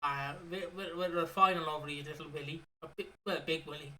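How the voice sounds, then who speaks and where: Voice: medium pitch, steady tone, fairly quick, slight background noise. A podcast co-host, casually recapping a soap opera in a rambling, swearing chat. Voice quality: bright, rambling with fillers and swearing.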